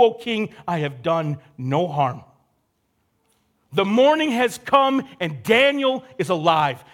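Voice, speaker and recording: A man's voice: very high-pitched, a bit bright. A young man preaching a casual, conversational sermon, acting out the characters he quotes. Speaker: pastor.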